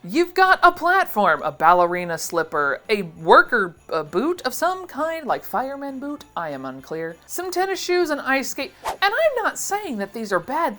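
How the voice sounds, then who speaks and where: A woman's voice: a little high, wildly swooping pitch, moderate pace, few pauses, a bit bright, soft background music. A young adult woman giving a casual, sarcastic reaction commentary as a vintage seller vlogger. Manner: playful, sarcastic asides.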